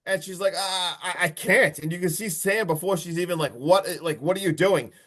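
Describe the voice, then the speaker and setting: A man casually recapping a horror movie on a podcast, excitable and profane, often laughing. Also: high voice, normal speed. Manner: excitable, profane, recounts plot with swearing and laughs. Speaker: podcast host. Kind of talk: casual movie review chat.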